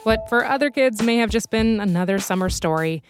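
A woman hosting a podcast, telling a true story in scripted documentary narration with a measured storytelling manner. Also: on the high side, lively intonation, music in the background.

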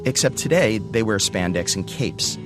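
A man telling a spoken personal story about his career, animated and acting out the voices of people he quotes. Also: lowish voice, moderate pace, music in the background.

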